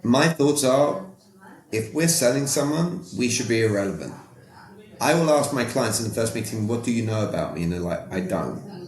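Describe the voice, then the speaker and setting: A man's voice: medium pitch, lively intonation, moderate pace. Emphatic man in an echoey room. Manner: emphatic, repeats words, rhetorical questions. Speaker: podcast guest. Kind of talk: conversational coaching talk.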